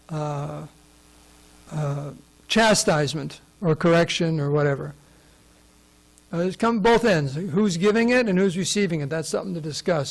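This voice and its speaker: A man's voice: a little high, rough recording. A man giving a scripture class, conversational and often asking his listeners questions. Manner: conversational, asks the audience questions. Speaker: class speaker.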